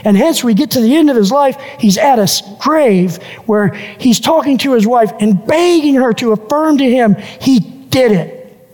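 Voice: mid-range voice, expressive, moderate pace, a little mellow, big-room sound. A pastor preaching a sermon who builds each point through repeated lists and phrases.

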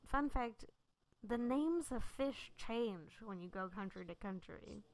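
A woman's voice: fairly high pitch, expressive, slow pace, a little mellow. A young adult woman co-hosting a podcast, tired and blunt, with dry sarcastic humor. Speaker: podcast co-host. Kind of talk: casual chat.

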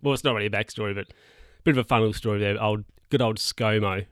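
A man's voice: on the low side, steady tone, quick pace. A man hosting a solo podcast, telling a story in a rambling, chatty way that keeps correcting itself. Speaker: podcast host.

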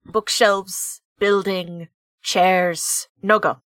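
A woman voicing a gruff male brawler in a tabletop game, with a put-on Russian accent and clipped, broken phrasing. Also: mid-range voice, fairly even intonation, extremely slow, fairly bright tone, dry recording, studio quality, pitched below the performer's own voice. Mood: blunt. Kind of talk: tabletop role-play.

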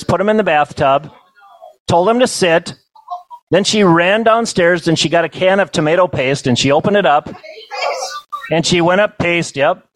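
A man's voice: a little high, dry recording. Chuckling middle-aged man telling funny stories. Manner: deadpan comic delivery with chuckles. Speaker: storyteller. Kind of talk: humorous storytelling to an audience. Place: banquet hall.

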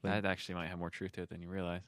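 A male radio co-host trading sardonic, dry wisecracks in casual banter. His voice sits on the low side but sounds bright and edged, with a lively pitch. The studio sound is close and dry. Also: racing, clear, resonant tone, no room sound.

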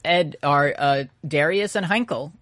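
A co-host with a mid-pitched voice, recorded dry and close, rambles through a casual anime recap. The talk is loose and profane, with frequent laughs and acted-out character lines. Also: measured pace, fairly bright tone, dry recording. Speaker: podcast co-host.

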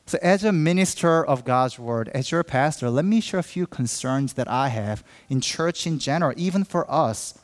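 A man's voice: fairly high pitch, lively intonation, normal speed, few pauses, long reverb tail. A man pastor preaching a sermon earnestly, acting out quoted believers with a raised voice.

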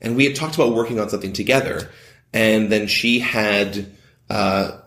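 A man's voice: lowish voice, normal speed, fairly bright tone. A man, a playwright and director, talking casually in an interview, rambling with many restarts. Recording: echoey room.

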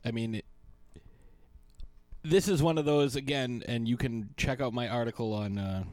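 A man's voice: medium pitch, normal speed, a little mellow, dry recording. Rambling playful male podcast co-host. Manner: rambling, playful, slips into snooty impressions. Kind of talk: casual chat.

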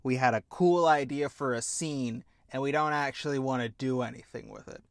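A man's voice: medium pitch, normal speed, vocal fry, no room sound, studio quality. A man hosting a show, ranting through a TV review with exasperated, profane sarcasm. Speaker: show host.

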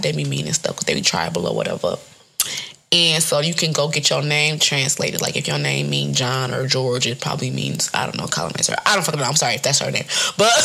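Young woman podcast host, lowish gravelly voice, animated storytelling. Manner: animated storytelling, swearing, laughing. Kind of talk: casual solo podcast talk.

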